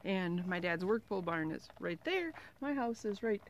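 A woman's voice: lowish voice, animated, moderate pace. A middle-aged woman chatting casually in a home vlog, rambling with asides and fillers from her kitchen. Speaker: vlogger. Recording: home video with outdoor noise and mower.

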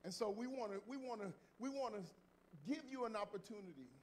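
A man preaching a sermon to his congregation. He leads call-and-response, jokes with the crowd, and reads scripture loudly and dramatically. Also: brisk, slight background noise. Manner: booming dramatic scripture reading. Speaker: pastor. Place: church sanctuary.

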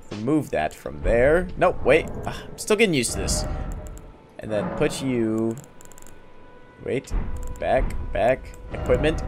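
A young man talking through a game as he plays, excitable and chatty, often yelping in surprise and talking to the characters on screen. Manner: excitable, talks to the game, jumps to high yelps. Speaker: streamer playing a game. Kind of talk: let's play commentary. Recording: game music in the background.

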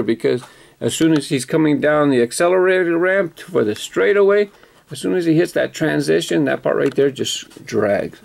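Man, gravelly, somewhat high voice, chatty unboxing commentary, self-correcting. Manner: chatty, self-correcting, enthusiastic about details. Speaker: toy car collector vlogger.

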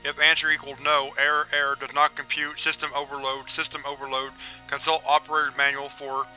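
A man voicing a literal-minded male robot, speaking in a flat monotone without natural inflection. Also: fairly high pitch, fairly quick, faint music behind, rough recording. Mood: malfunctioning.

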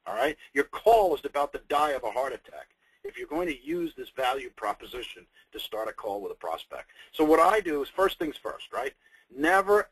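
Animated, husky-voiced male sales trainer. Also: mid-range voice, no room sound, rough recording. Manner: emphatic, conversational, repeats key points; humorous, off the cuff. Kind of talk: webinar presentation.

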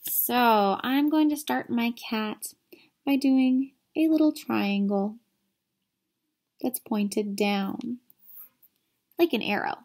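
Speaking slowly with frequent pauses, a woman with a slightly high, darkish voice runs a cheerful online art class for kids. She asks the children questions and takes them through the drawing step by step.

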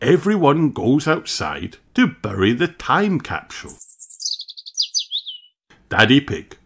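A man reading a children's picture book aloud with clear, expressive storytelling. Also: medium pitch, slow. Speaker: audiobook reader. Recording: noticeable background hiss.

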